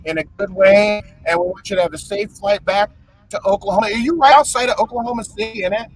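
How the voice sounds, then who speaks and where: A man co-hosting a podcast in casual chat, joking and rambling with sudden loud bursts. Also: sits high, fast, poor audio. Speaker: podcast co-host.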